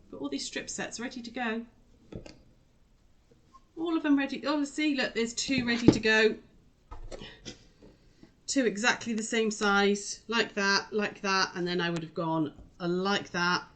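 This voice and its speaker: A woman's voice: medium pitch, fairly bright tone, slight background noise. A woman hosting a casual live quilting demonstration, chatty and rambling as she talks straight to her viewers. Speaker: quilting shop host.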